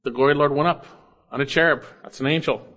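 Male pastor, expository sermon, earnest delivery with loud peaks and quiet drops. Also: fast. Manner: earnest preaching, rising loud on scripture quotes then dropping low.

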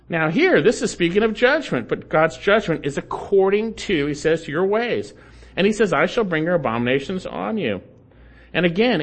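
A man with a fairly high voice preaches an expository sermon. He works through the text line by line, pauses to explain Hebrew grammar, and drives his points home by repeating short phrases with growing force. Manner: emphatic, repeats key phrases with rising force. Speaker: pastor.

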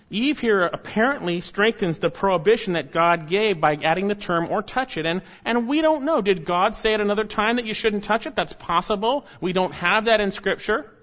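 A man's voice: high voice, expressive, moderate pace, few pauses, a bit bright. A male pastor preaching an expository sermon, stressing key words with sudden rises. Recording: dull lo-fi recording.

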